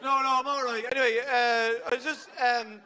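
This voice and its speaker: A man with an Irish accent doing stand-up comedy, talking in a manic, shouting way and acting out characters. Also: very high-pitched, level tone, moderate pace, crowd noise. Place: theatre stage before a live audience. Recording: live show with audience noise.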